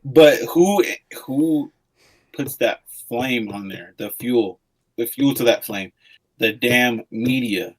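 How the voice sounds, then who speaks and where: A man's voice: medium pitch, slow pace, low-quality recording. Man chiming in on sports chat. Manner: chimes in with short agreements, then builds a point. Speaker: podcast co-host.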